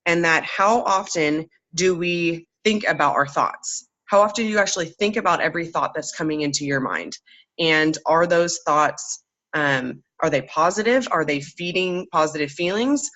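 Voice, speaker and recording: A woman with a low voice talks through a training recap. She is earnest and casual, filling her pauses with "um". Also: fairly bright tone. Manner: earnest, many fillers. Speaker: team trainer recapping a convention.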